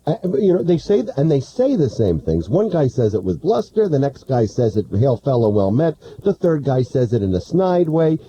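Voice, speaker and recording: A New man hosting talk radio, his voice deeply dark and his pitch leaping around as he acts out the bits he quotes. It comes through a dull, lo-fi broadcast with a faint hiss behind it. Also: moderate pace, few pauses. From New York. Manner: animated storyteller, acts out quotes. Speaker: radio talk show host. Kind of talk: radio talk show conversation. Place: radio studio.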